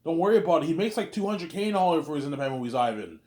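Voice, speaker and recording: A man's voice: a little high, animated, rapid-fire, a little mellow, roomy sound, close to an everyday voice. A man voicing a pushy, greedy male business partner who insists and keeps repeating the listener's name. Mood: insistent.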